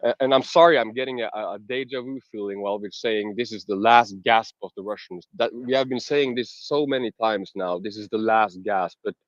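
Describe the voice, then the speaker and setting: A man's voice: fairly low pitch, a little fast, few pauses, no room sound. A man speaking up as a caller, indignant and emotional, sometimes searching for words. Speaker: caller in a live audio space. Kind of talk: impassioned comment. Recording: dry, dull lo-fi line.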